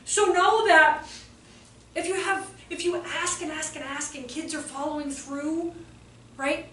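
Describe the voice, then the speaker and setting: A woman with a high, bright-pitched voice gives a fast, animated talk to a live audience, acting out quotes as she goes. She is heard from a distance in a roomy hall. A faint hum sits underneath. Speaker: workshop presenter.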